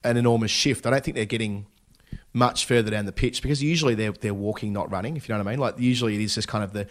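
A man's voice: lowish voice, fairly even intonation, very fast. A man, co-hosting a casual podcast chat, thoughtful and hesitant with many restarts. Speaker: podcast co-host.

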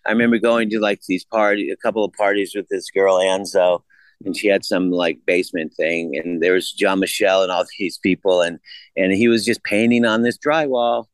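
A man's voice: low voice, steady tone, normal speed, no room sound, low-quality recording. A man casually telling rambling, profane stories and acting out the dialogue. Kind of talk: casual conversation.

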